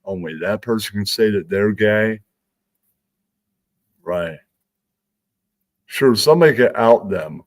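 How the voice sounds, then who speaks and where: A man hosting a stream, rambling through a crude, self-amused comedic monologue. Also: on the low side. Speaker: stream host.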